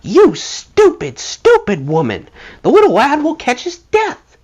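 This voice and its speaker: A man puts on a furious older woman behind a counter, her voice leaping into a high, piercing screech. She scolds in sharp bursts, heard through a dull, lo-fi recording. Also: huge pitch swings, measured pace, heavily acted. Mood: outraged. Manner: shrill, screeching outbursts. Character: shrieking older woman post office clerk, outraged.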